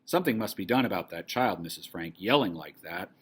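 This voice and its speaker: A man's voice: sits low, lively intonation, fairly quick, husky. A man voicing a fussy, exasperated man in hiding. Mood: complaining. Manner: complaining, sharp and exasperated. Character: irritable fussy middle-aged man in hiding. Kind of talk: reading a play aloud to a class.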